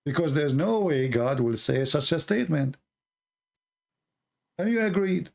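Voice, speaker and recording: Blunt, sarcastic man with a gravelly voice. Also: a little high, animated, measured pace, darkish tone. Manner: blunt, sarcastic, presses the caller with repeated questions. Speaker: debate host. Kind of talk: live call-in debate.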